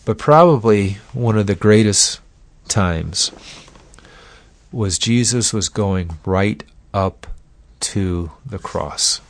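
A man preaching a sermon, telling the story dramatically and slowing down to stress key words. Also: fairly low pitch, dry recording.

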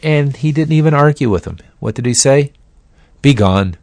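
A man preaching a sermon, telling the story dramatically and slowing down to stress key words. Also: a little high, a little mellow, dry recording.

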